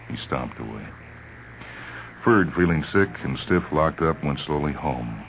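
A man narrating a story in a measured, dramatic reading on a tinny old radio recording. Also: a bass voice, lively intonation, noisy background.

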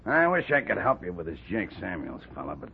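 An actor playing a friendly, chatty man in an old radio drama, with a gravelly, raspy voice. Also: deep voice, huge pitch swings, brisk, dull audio, slight background noise, exaggerated voice.

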